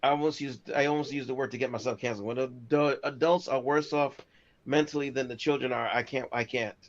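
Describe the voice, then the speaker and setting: A man's voice: mid-range voice, steady tone, fast talker, dull audio. A man joining a casual comedic podcast as a guest, hesitant and stumbling over his words.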